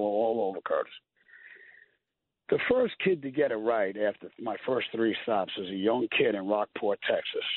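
A man speaks earnestly and with feeling, often repeating himself as he tells his story. His voice sits somewhat low. The sound is dry and thin, like a phone line. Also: no room sound. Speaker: firefighter guest. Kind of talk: emotional call-in storytelling.

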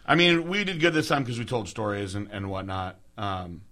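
A young man hosting a casual podcast chat, talking in an animated, loose way and swearing freely. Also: on the low side, moderate pace. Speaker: podcast host.

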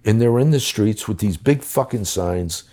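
A man's voice: lowish voice, animated, moderate pace, warm tone. A middle-aged man telling a story in conversation, blunt, emphatic and full of swearing. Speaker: guest recounting his time as a police official.

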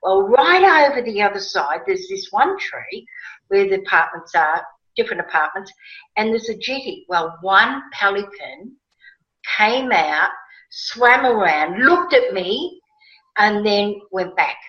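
A woman telling a personal story in a casual interview, animated and emotional, acting out her own past words. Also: medium pitch, unhurried. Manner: animated, emotional, quotes herself with rising excitement. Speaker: guest. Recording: roomy, slightly dull sound.

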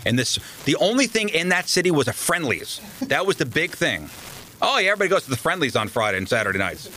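A man's voice: mid-range voice, brisk, a little hiss or hum, low-quality recording. A man telling a long story in a casual interview, acting out the people he quotes. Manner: animated storyteller, acts out quoted voices. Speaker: radio host guest.

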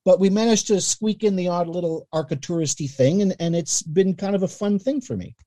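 Warm-toned chatty man telling radio stories. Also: sits high, brisk, no room sound. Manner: animated anecdotes, acts out quoted voices. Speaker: guest, newspaper columnist and radio voice. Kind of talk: casual interview storytelling.

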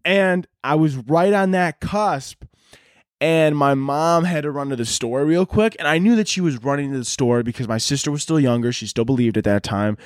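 A man's voice: a little high, moderate pace, dry recording, studio quality. A young man hosting a solo podcast, telling stories in a crude, profane, joking way that rambles along. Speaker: podcast host. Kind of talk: casual solo podcast storytelling.

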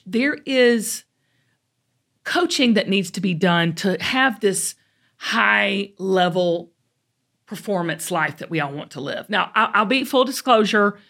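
A middle-aged Southern woman with a Southern American accent, hosting a talk show in chatty, animated storytelling. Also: mid-range voice, slow pace. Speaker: host. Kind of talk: casual chat.

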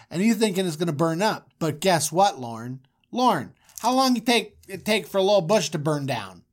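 A podcast host retelling a story in a comic, animated way, with jokey asides to co-hosts. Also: medium pitch, moderate pace.

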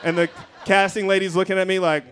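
A man from Denver, Colorado, telling a comic story on stage at a live show, animated and profane, acting out his own panic. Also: high-pitched, fast, a faint crowd, slight background noise. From Denver, Colorado, USA. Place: theater stage before a live audience.

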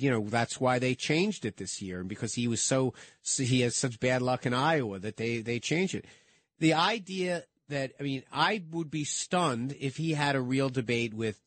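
A man co-hosts a political talk show and argues in quick bursts that keep doubling back. He repeats words and restarts his sentences. The sound is dry and close, with no room around him. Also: medium pitch, no room sound. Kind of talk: casual political debate chat.

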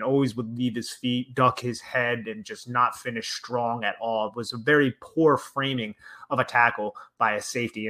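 A man's voice: medium pitch, pushed and bright. Analytical male sports podcast co-host. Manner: analytical, breaks down plays in detail.

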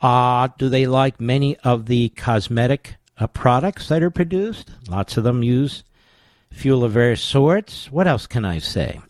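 A middle-aged man hosting a talk radio show, combative and emphatic, jumping up into sudden high exclamations. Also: unhurried, no room sound.

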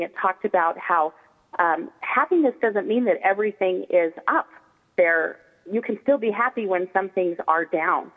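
A married woman in casual group conversation, speaking in a reflective, earnest way. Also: medium pitch. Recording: narrow phone-like sound.

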